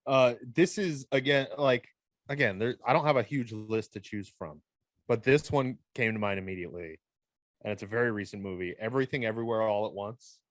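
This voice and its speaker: A man's voice: fairly low pitch, fairly quick, no room sound. A man chatting casually and reflectively as a podcast co-host. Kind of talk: casual chat.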